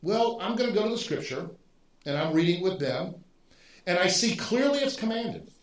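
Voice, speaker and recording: Pastor, male, animated teaching style with restarts; a bit high-pitched, roomy echo. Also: moderate pace. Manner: thinking aloud with restarts, animated emphasis. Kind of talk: teaching sermon.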